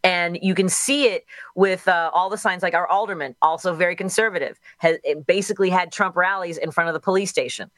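A woman's voice: on the low side, a bit bright, no room sound. A middle-aged woman from Chicago, a radio host speaking as a guest in a radio interview, candid and thinking aloud with restarts.

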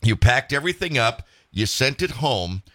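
Bright-voiced male radio host. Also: medium pitch, normal speed, dry recording, studio quality. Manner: animated storyteller, chatty. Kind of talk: radio talk show.

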